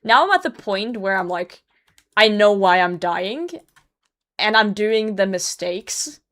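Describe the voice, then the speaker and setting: A woman's voice: medium pitch, lively intonation, slow, fairly bright tone. Blunt, laughing young woman streamer. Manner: blunt, self-mocking, laughs often, swears. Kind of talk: casual live game commentary.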